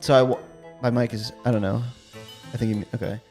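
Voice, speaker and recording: A man's voice: medium pitch, fairly even intonation, brisk, faint music behind. A man with a Baltimore accent, co-hosting a podcast in a laid-back, casual way full of fillers. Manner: laid-back, many fillers, drops to quiet asides. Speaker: real estate agent and podcast co-host.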